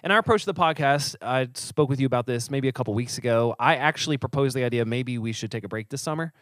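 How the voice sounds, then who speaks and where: A man's voice: mid-range voice, a bit bright, dry recording. A man co-hosting a church podcast as a pastor, in casual joking chat, breathing a little hard from allergies. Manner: joking, quick-talking. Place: small studio up steep stairs. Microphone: studio mic on a stand.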